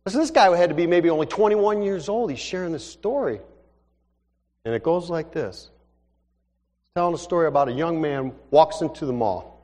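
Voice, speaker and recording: Animated preacher man in a reverberant hall. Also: a little high, normal speed. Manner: animated, conversational, acts out dialogue. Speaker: pastor. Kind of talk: sermon storytelling.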